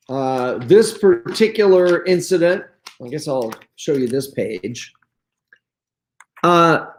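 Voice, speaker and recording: A man hosting his own video show from home, talking slowly and loosely while he shows papers and photos to the camera, often clearing his throat. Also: on the high side. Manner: slow and rambling, frequent throat clearing and fillers. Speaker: host. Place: at home, items on his wall.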